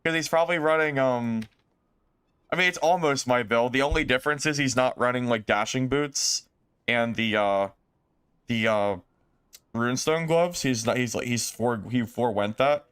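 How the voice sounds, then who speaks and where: A man streaming a game, talking casually and exclaiming often in excitement. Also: mid-range voice, moderate pace, clean tone, no room sound.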